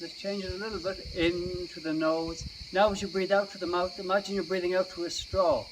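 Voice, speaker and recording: A man teaching yoga and meditation to children, guiding them gently and playfully. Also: high-pitched, little pitch movement, fairly quick. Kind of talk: guided kids' yoga and meditation. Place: outdoors. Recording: distant mic, outdoor noise.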